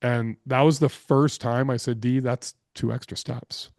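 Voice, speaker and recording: A man guesting on a podcast, telling business stories in an energetic, blunt way and swearing freely. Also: mid-range voice, a little slow, vocal fry, no room sound, clean studio sound. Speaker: podcast guest, real estate investor. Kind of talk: casual interview storytelling.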